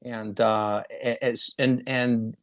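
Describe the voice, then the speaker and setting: A man hosts a relaxed interview, his voice sitting at an ordinary middle pitch. He talks haltingly, doubling back on words and laughing between stories. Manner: halting, many restarts and laughs. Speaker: podcast host. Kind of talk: casual interview chat.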